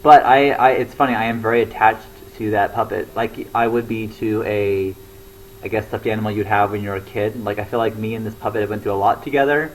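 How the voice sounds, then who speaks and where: A man's voice: lowish voice, fairly even intonation, a little fast, slight background noise, low-quality recording. A young man talking casually to camera, rambling with lots of fillers and restarts. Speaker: comedy show regular.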